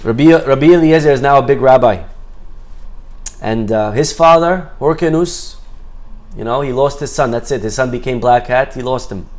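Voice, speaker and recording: A man's voice: medium pitch, moderate pace. A man teaching a Torah class, telling a story with Hebrew phrases mixed in and acting out the characters' voices. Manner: lively storyteller, acts out quoted voices.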